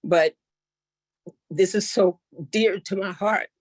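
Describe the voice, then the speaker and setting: A middle-aged woman speaking earnestly and with feeling, sharing a personal testimonial on a group call. Her voice is medium pitched and sounds dry and close, with little room sound. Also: slow, no echo. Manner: earnest, heartfelt, many fillers. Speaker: network marketing member sharing her story.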